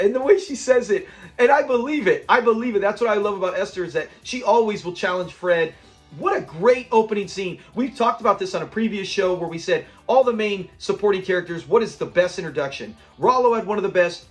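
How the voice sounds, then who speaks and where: A man hosting an episode breakdown, talking enthusiastically and acting out quoted lines. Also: high-pitched. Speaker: channel host.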